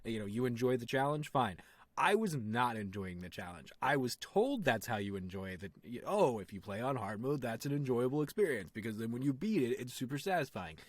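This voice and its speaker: A man's voice: medium pitch, a little fast, no room sound. A young man co-hosting a casual podcast, telling stories with lots of acted-out quotes. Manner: animated storytelling, acts out quotes. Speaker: podcast co-host.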